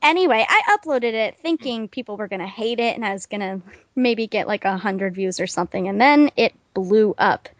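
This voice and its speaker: A woman's voice: mid-range voice, lively intonation, brisk, dry recording. A young woman being interviewed as a guest, chatting casually and laughing often. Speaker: guest, voice actress.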